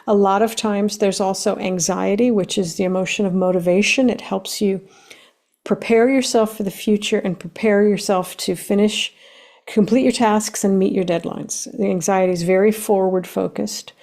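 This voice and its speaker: Gravelly, mellow-voiced woman teaching. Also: medium pitch, fairly even intonation, normal speed. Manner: emphatic, builds lists of words, laughs between points. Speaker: podcast host teaching about emotions. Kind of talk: solo podcast lesson.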